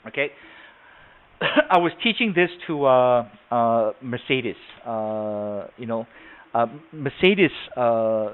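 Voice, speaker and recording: A man's voice: mid-range voice, animated, slow, smooth. A man leading a live sales training webinar on a video call, talking conversationally, quizzing the class and repeating himself. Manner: conversational, asks the class questions, repeats words. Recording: tinny phone-like audio.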